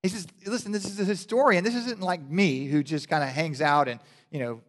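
A male pastor giving a casual, animated sermon with joking asides, often restarting his sentences. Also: fairly high pitch, a little fast. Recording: long hall reverb.

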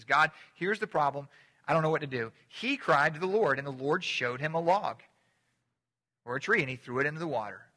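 A man's voice: on the high side, pushed and bright. A man preaching a sermon as a pastor, in a conversational manner, often restarting and repeating words. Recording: long hall reverb.

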